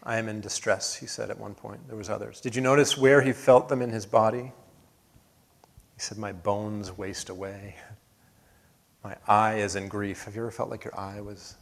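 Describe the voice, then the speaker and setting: A man preaching a sermon as pastor, earnest, building to emphatic peaks and then dropping soft. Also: lowish voice, fairly even intonation, normal speed, gravelly. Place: church sanctuary.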